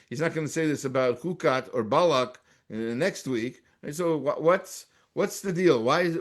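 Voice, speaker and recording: A man with an American accent teaching a Torah class as a rabbi. He reads Hebrew texts aloud and translates them, with frequent restarts. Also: mid-range voice.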